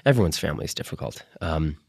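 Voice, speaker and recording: A man hosting a podcast, chatting in a rambling, casual way full of fillers and restarts, his throat a little rough from a cold. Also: rumbling low, lively intonation, fast talker, darkish tone, no echo, clean studio sound. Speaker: podcast host. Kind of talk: casual monologue.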